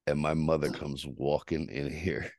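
A man's voice: extremely low pitch, flat delivery, a little slow, darkish tone, no room sound, clean studio sound. A man hosting a podcast, telling a story in a casual, heavily profane ranting way and acting out his own side of the conversations. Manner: ranting, heavy swearing, quotes himself in dialogue. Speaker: podcast host.

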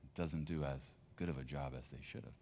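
A male pastor with a very deep, low voice delivers a sermon. He talks in a conversational, emphatic way, like telling a story to his congregation. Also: steady tone, fast, mellow, a little hiss or hum.

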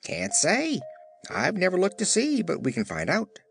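A man's voice: high-pitched, wildly swooping pitch, normal speed, vocal fry, fairly bright tone, soft background music, voice pushed up, full character voice. A man voicing a proud, joke-cracking young male Horner in a gleeful, boastful manner. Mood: eager.

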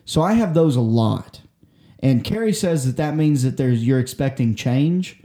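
A young man with a dark, medium-pitched voice and lively intonation takes his time telling a long personal story in casual chat. The storytelling meanders, heavy on swearing and restarts, and the room is echoey.

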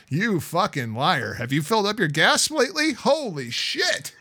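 A man co-hosting a heated political talk podcast, profane and exasperated, swinging between loud outbursts and low muttering. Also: very animated, moderate pace. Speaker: podcast co-host.

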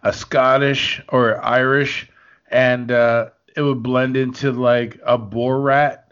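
A man's voice: mid-range voice, level tone, slow, a bit bright, smooth, highs cut off. A man co-hosting a podcast, joking and playful in casual comedy banter, fond of odd words. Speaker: podcast co-host.

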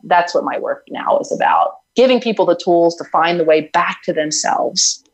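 A woman's voice: fairly low pitch, normal speed, rough recording. A woman speaking as an interview guest, earnest and reflective, with frequent fillers as she tells her story. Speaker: guest, self-healing author. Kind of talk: conversational interview.

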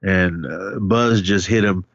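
Man with a lowish voice, casual podcast co-host, animated rambling film recap, dry lo-fi sound. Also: slow pace, no room sound. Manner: rambling, animated retelling with voiced reactions and cursing. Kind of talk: casual chat.

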